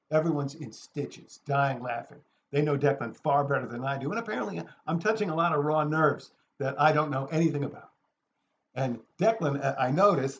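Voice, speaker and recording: Animated male storyteller, lo-fi sound. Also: mid-range voice. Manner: animated, acts out the people in his story. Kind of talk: anecdote told aloud.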